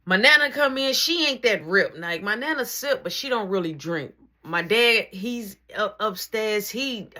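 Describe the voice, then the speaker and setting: A woman telling a personal story in a casual, slangy way, with animated bursts and drops to near whispers. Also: mid-range voice, a little slow.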